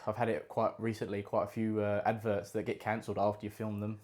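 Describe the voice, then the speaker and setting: Man, young adult, casual podcast chat, fast pace, rambling. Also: on the low side, monotone, a little mellow. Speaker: podcast host and actor.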